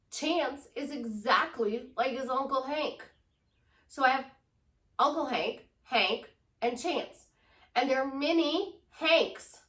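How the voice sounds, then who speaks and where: This relationship life coach from Chicago delivers an upbeat, gushing motivational vlog. Her voice sits high and sounds distant from the mic, caught in an echoey room.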